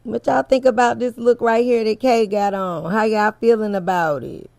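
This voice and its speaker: A woman's voice: on the high side, fairly even intonation, moderate pace, vocal fry, a little mellow, no echo. A woman hosting a casual commentary chat, talking straight to her viewers in a candid, chatty way and swearing freely. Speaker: host.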